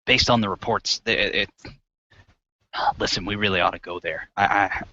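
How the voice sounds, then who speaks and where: A man's voice: fairly low pitch, pushed and bright, full character voice. A man voicing a shaken male cleric who stammers earnestly, on a lo-fi recording. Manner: halting, stammering.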